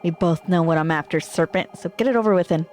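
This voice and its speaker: A woman's voice: lowish voice, quick pace, a little mellow, faint music behind, lightly acted. Woman reading a defiant young heroine. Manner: defiant, scornful.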